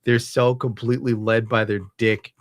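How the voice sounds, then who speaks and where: A man's voice: medium pitch, little pitch movement, moderate pace, no echo, clean studio sound. A man streaming and reacting to clips in a crude, sarcastic, profane rant, laughing at his own jokes.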